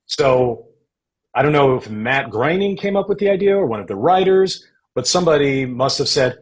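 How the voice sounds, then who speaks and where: A man guest on a podcast, telling stories in a measured, anecdotal way about his acting career. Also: medium pitch, expressive, low-quality recording. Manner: anecdotal, measured, uses quoted voices. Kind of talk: relaxed storytelling conversation.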